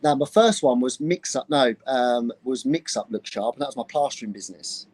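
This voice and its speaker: A man in his twenties from Luton with an English accent, telling stories in an animated, laddish way in a casual chat. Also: medium pitch, breathy edge, dry recording, poor audio. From England. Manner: animated, laddish slang, quick stop-start telling.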